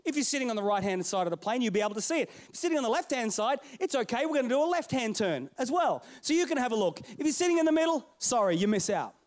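Guy preaching a sermon in a really high voice, storytelling, goes loud then real quiet. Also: very animated, fast talker, few pauses. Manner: storytelling, swings between loud and hushed.

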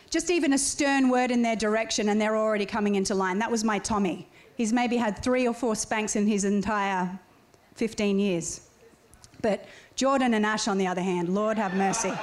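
A woman's voice: a little high, moderate pace. A woman from Australia, telling stories in casual chat and often laughing as she talks. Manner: animated storyteller, laughs often, acts out voices.

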